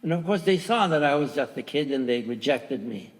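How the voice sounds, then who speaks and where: A man in his nineties giving personal testimony to a large theatre audience, speaking haltingly with restarts and raising his voice when quoting others. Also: medium pitch, animated. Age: 90s. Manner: halting, with restarts, voicing quoted dialogue louder. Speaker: Holocaust survivor giving testimony. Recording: long theatre reverb.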